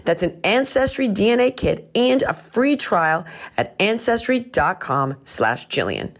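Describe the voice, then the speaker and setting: A woman's voice: mid-range voice, sing-song, a little slow. A woman hosting a podcast, reading a sponsor ad in an upbeat way, speaking straight to her listeners. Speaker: podcast host. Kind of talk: ad read.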